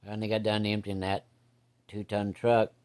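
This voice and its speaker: A man's voice: lowish voice, completely flat delivery, moderate pace, a little mellow, clean tone. Plainspoken man telling a salty story. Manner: plainspoken, rambling, salty farm-kid slang. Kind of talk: casual spoken childhood story.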